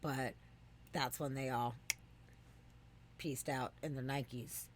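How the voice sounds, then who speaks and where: An animated podcast co-host chatting casually, with a voice that sits at an everyday middle pitch. The delivery swears freely, jumps into loud high exclamations and then drops back to an easy conversational tone. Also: slow pace, noisy background. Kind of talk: casual storytelling chat.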